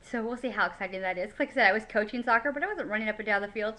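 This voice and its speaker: A woman in her thirties records a personal video diary, talking in a chatty, heartfelt way. She rambles with lots of fillers and restarts. Her voice is bright and clear. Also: a little high, lively intonation, rapid-fire, hardly any pauses, low-quality recording. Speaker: vlogger.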